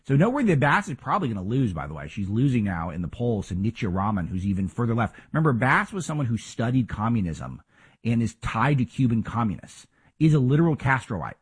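A man's voice: medium pitch, sing-song, quick pace, slightly rough. A man hosting a talk show, giving emphatic, argumentative political commentary full of rhetorical questions.

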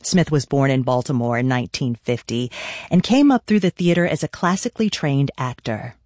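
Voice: mid-range voice, animated, fairly quick, a little mellow, dry recording. Radio host with a dry close mic. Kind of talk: scripted introduction and interview questions.

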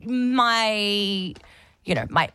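A woman's voice: medium pitch, drawn-out words, sharp tone, smooth, no room sound. A young woman co-hosting a radio show, telling a story in casual chat and acting out the quotes. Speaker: radio co-host and real estate agent.

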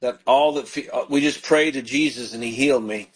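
A man leads a call-in radio ministry as pastor, praying fervently with his callers. His voice sits at an ordinary middle pitch. He slows down and softens as he moves into prayer. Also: slightly rough, rough recording.

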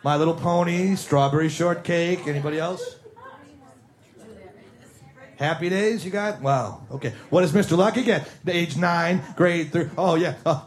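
A man's voice: high-pitched, normal speed. A middle-aged man doing self-mocking, nostalgic stand-up and chatting with the crowd. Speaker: stand-up comedian. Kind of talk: stand-up comedy routine.

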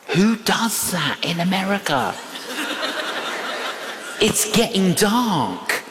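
An older preacher delivers a sermon in a slow, measured way, with a lively, swooping pitch. They tell a story through repeated phrases and quoted dialogue. The voice echoes through a big hall with a long, hanging reverb. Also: noisy background.

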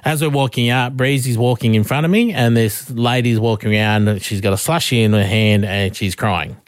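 A man's voice: medium pitch, moderate pace, dry recording. Radio guy telling a funny story, keeps cracking up, super dry studio sound. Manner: animated, laughs through his story. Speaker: radio show host. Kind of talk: casual storytelling chat.

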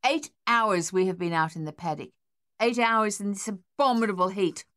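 A woman voicing a harsh, furious, domineering older husband who shouts and blusters, in an audiobook. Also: high-pitched, normal speed.

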